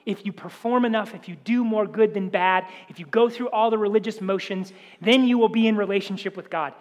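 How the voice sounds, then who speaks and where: A man preaching a sermon as pastor, emphatic, often dropping to hushed near-whispers for stress. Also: high voice, a little fast, big-room sound.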